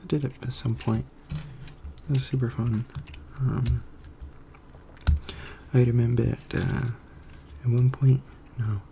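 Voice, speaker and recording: A young man from the United States rambling in soft-spoken ASMR, meandering with many fillers. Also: medium pitch, little pitch movement, slow pace, creaky, long pauses, slight background noise. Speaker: ASMR creator.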